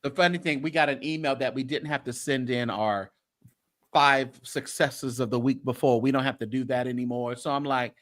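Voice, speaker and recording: A man hosting a casual talk show, chiming in with quick agreement and wry remarks. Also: medium pitch, fairly even intonation, fairly bright tone, dry recording, studio quality. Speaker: show host. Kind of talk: casual chat.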